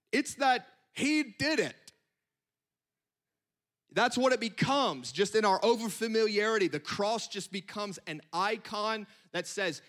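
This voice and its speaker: A man preaching a sermon in an animated, conversational way, with quick asides. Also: sits high.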